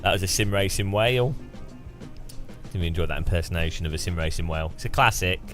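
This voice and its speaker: A man's voice: deep voice, fast talker, fairly bright tone, soft background music. A man joking through live racing-game commentary, greeting chat and poking fun at himself. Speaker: gaming streamer.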